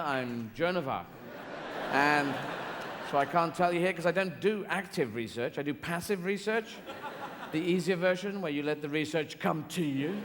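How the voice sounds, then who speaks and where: A man's voice: a little high, long reverb tail. A man doing a rambling, whimsical stand-up comedy routine on a theatre stage, now and then slipping into silly voices. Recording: live theatre recording with audience noise.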